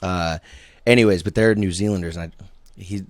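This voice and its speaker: A man's voice: sits low, fairly even intonation, moderate pace. A man hosting a casual comedy podcast, laughing often and swearing casually. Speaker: podcast host.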